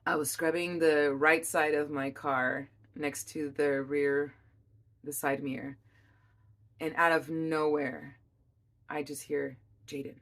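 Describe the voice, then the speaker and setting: A young woman, a mother, telling a personal story in an emotional, halting way with many restarts. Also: deep voice, level tone. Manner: emotional, reliving events.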